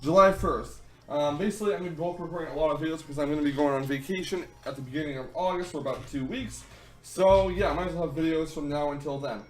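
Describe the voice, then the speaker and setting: A young man hosting a gaming channel, chatting through a game battle with frequent ums and quick self-corrections. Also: fairly high pitch, faint music behind. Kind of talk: casual battle commentary.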